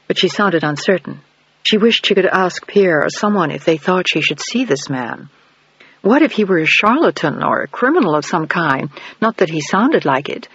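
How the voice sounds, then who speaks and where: A male audiobook narrator with a fairly high voice tells the story in a steady, even manner. The sound is dry and close, with a dull, muffled top end. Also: brisk, husky, no room sound. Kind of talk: scripted narration. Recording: dull, dry studio recording.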